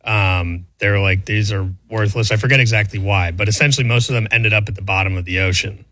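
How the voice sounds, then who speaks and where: A man's voice: lowish voice, fast, pushed and bright, no echo. Wry offhand male co-host. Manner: wry, offhand, dry humor. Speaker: radio show co-host. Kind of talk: casual chat.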